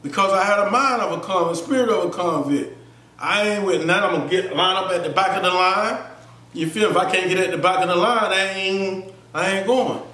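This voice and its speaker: Man guest, animated storyteller, high voice, roomy off-mic sound. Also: fairly quick, recorded from a distance. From Florida, US. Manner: animated, acts out voices, frequent "you feel me". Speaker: interview guest. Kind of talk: casual storytelling interview. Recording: echoey room, somewhat off-mic.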